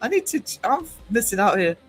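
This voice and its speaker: A man's voice: high-pitched, big pitch swings, a little fast, fairly bright tone, husky, soft background music, rough recording. A man hosting a casual livestream chat, rambling between topics, chuckling often and reading viewers' comments aloud. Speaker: livestream host.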